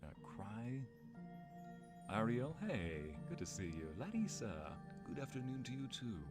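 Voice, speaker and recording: A man's voice: mid-range voice, very animated, measured pace, loud music behind the voice. A man streaming live, chatting casually, greeting viewers by name and laughing easily, speaking into a desk microphone at home. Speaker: streamer and narrator. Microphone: desk microphone at home streaming setup.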